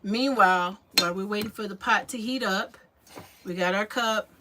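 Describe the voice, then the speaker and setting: A woman's voice: mid-range voice, moderate pace. A woman talks to her viewers in an easy, chatty way while she makes a drink in her kitchen. She sounds a little out of breath. There is a noisy background under her voice. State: slightly out of breath. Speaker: vlogger. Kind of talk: casual livestream chat. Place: home kitchen. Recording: noticeable background noise.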